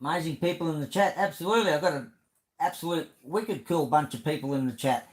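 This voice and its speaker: Speaking quickly in a fairly high voice, this Australian streamer rambles in a friendly way as he goes through comments from viewers. He uses plenty of fillers and often restarts his sentences.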